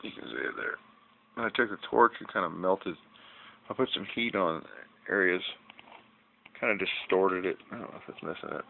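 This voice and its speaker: In a casual home video, a hobbyist walks through his fish tank project in a loose, folksy ramble, getting irritated easily. His voice is very low and gravelly. The audio is thin and tinny, as if from a cheap camera mic, with faint hiss in the background.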